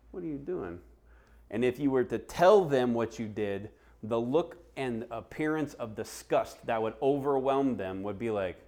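A middle-aged man preaching a sermon, telling stories and acting out the voices of people he quotes. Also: lowish voice. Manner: animated storytelling, acts out quoted voices. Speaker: pastor.

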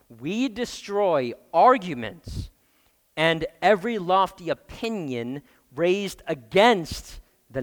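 A man's voice: fairly high pitch, fairly bright tone, big-room sound. A man preaching a sermon as pastor, emphatic, often putting questions to the congregation. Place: church.

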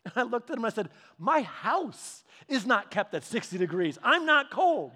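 A middle-aged man with a notably high-pitched voice delivers a sermon in a loose storytelling way. He chuckles through his anecdotes and often restarts mid-sentence, keeping the tone playful. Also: normal speed, breathy edge. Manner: animated, humorous storytelling with frequent laughs and restarts. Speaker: pastor.

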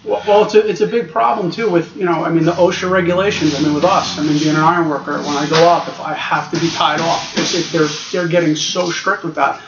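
A man's voice: a little high, steady tone, a crowd in the background. A man in his forties, an iron worker guest, talking frankly and stumbling over the first words of his sentences. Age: 40s. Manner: fast, frank, repeats himself when starting. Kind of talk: casual interview chat. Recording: echoey and lo-fi with clear noise.

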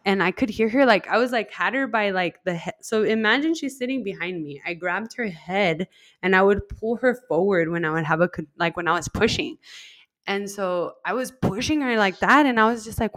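A woman's voice: medium pitch, brisk, no room sound. A young adult woman telling a personal story in a casual, chatty way, full of "like"s and acted-out quoted dialogue. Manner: chatty, many "like"s, animated quoted dialogue, laughs. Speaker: podcast host telling her birth story.

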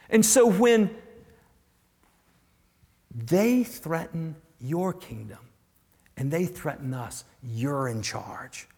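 A man preaching a sermon as pastor, swinging from loud, emphatic lines down to hushed whispers. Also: a little high, expressive, takes it slowly, long pauses, slightly rough. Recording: long reverb of a large hall.

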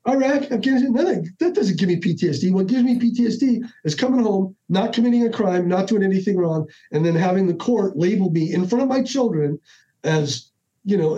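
Give me a high-pitched, mellow-voiced man telling stories on a podcast. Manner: animated, acts out dialogue with restarts. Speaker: podcast guest. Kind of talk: casual storytelling. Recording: dull lo-fi audio.

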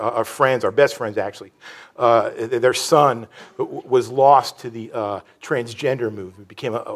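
A man preaching a sermon in an earnest, halting way, with many restarts and fillers. He drops low and soft on sorrowful phrases. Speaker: pastor.

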